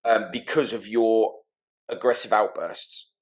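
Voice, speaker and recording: A man, hosting a podcast and asking slow, careful interview questions. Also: fairly low pitch, steady tone. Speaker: podcast host.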